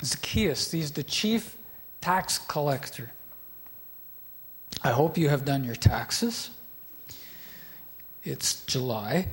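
A man's voice: a little high, expressive, slow, long pauses. A middle-aged man preaching a sermon as pastor, retelling a story with joking asides to the congregation.

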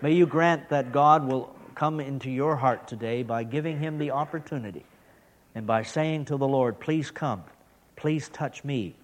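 A middle-aged man preaching a sermon as a missionary, telling a story and asking rhetorical questions, swinging from loud emphasis down to hushed whispers. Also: mid-range voice, normal speed.

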